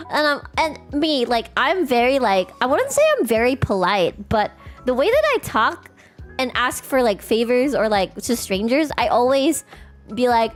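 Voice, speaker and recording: A young woman, chatting casually with her stream viewers and acting out little scenes in an animated, giggly way. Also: on the high side, moderate pace, soft background music. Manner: animated, giggly, acts out polite strangers and sings snatches of songs. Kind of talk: casual chat with livestream viewers.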